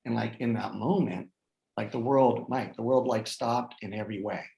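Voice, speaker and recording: A man in his forties, a guest speaker, telling a personal story in an animated way with many fillers and restarts. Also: medium pitch, normal speed, vocal fry, echoey room, rough recording. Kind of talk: personal storytelling in a group talk.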